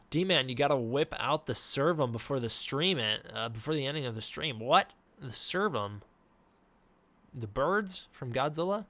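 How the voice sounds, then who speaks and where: A man's voice: mid-range voice, lively intonation, unhurried, bright, forceful tone, dry recording. A young man chatting casually on a live stream from home, reading viewer questions with a desk mic. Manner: casual, reads chat questions, frequent fillers. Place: indoors at home. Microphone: desk mic with face cam.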